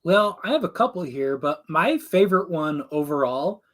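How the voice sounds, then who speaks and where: A man in casual chat about classic cartoons, enthusiastic and quick to quote characters. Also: a little high, expressive, a bit bright. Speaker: co-host reviewing classic cartoons.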